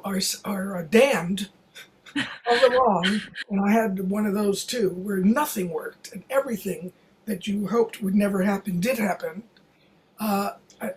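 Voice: mid-range voice, a little hiss or hum, rough recording. Older theater producer telling a chatty story. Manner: chatty, many fillers and restarts, quotes others in dialogue. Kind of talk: anecdotal storytelling.

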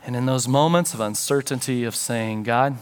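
A man's voice: medium pitch, moderate pace, clear, resonant tone. A man pastor delivering a sermon, telling a story with earnest feeling and acting out prayers and conversations.

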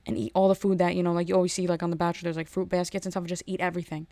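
A woman, ranting in a sarcastic, animated monologue that jumps between topics. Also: on the low side, very fast, no room sound.

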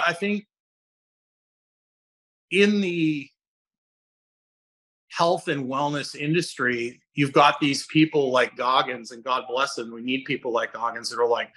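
A middle-aged fitness coach guest-hosts a casual podcast, telling stories with bright, lively energy in a forceful, clear tone. His voice is mid-range, his pace measured, and he pauses often. He rambles, restarts sentences and keeps acting out other people's voices.

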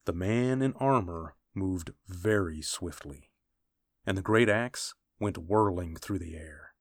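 A man reading a dramatic adventure story aloud in a measured, deliberate way. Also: low voice, dry recording. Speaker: narrator. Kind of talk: dramatic audiobook narration.

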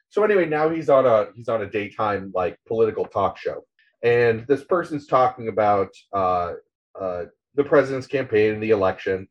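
A man's voice: lowish voice, lively intonation, normal speed, highs cut off. A man co-hosting a podcast, casually retelling a comic story in an amused, chatty way. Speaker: podcast co-host.

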